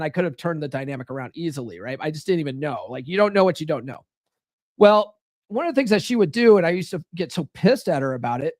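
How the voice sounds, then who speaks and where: A man's voice: high voice, dry recording, clean studio sound. Blunt, profane man coaching on a live stream. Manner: blunt, profane, rambling with restarts. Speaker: relationship coach. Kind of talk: live stream advice talk.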